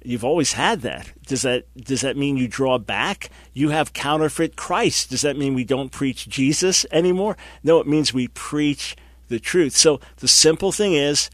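An emphatic man hosts a religious talk show, driving his points home with repeated phrases. His voice sits in an ordinary middle pitch and sounds dry and close to the mic. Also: moderate pace, a bit bright, dry recording. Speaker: host. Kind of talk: broadcast Christian talk show.

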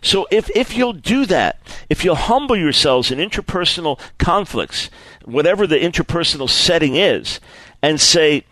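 A man preaching a sermon, his higher-pitched voice rising and falling with strong expression. He repeats key phrases for emphasis and acts out the people in his examples. The sound is close and dry. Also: animated, normal speed, bright, forceful tone, dry recording, rough recording. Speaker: preacher teaching on apologetics.

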